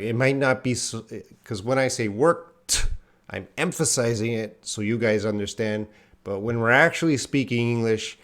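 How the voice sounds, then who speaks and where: A man's voice: mid-range voice, clear, resonant tone. A man teaching English pronunciation in a live online class, drilling consonant sounds, asking viewers to repeat after him and reading names from the chat.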